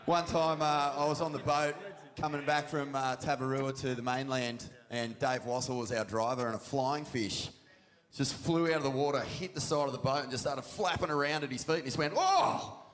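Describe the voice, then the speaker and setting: A man's voice: mid-range voice, fairly even intonation, a little fast, fairly bright tone, long reverb tail. A man on a live panel, bantering and teasing playfully.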